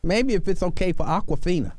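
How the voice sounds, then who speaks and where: A man hosting a radio talk show, bantering and arguing in a mock-serious, animated way. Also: sits high, fast talker, dry recording.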